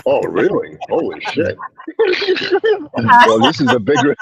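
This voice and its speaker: A man's voice: fairly high pitch, wildly swooping pitch, a little slow, gravelly, breathy edge. A man in a casual chat, making crude jokes and laughing a lot. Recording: muffled lo-fi call audio.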